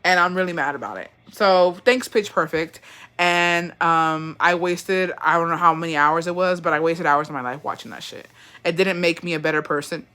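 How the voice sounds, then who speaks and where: Bright-voiced profane ranter. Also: medium pitch. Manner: profane, animated, swears constantly. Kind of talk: casual rant.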